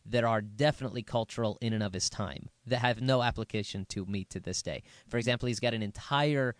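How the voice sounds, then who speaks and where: Casting: middle-aged male pastor, low voice, relaxed and joking, dry close recording. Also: a little fast, dry recording. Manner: easygoing, jokey, restarts often. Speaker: pastor, podcast co-host. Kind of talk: casual conversation about books. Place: Las Vegas.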